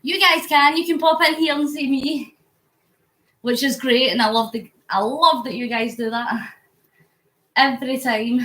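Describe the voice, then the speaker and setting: A woman's voice: high-pitched, fairly even intonation, measured pace, long pauses, pushed and bright, roomy sound. A Scottish woman chatting casually to viewers on a phone live stream while pedalling an exercise bike, reading out comments and getting sweaty. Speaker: vlogger live-streaming a charity cycle. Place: indoors at home on an exercise bike.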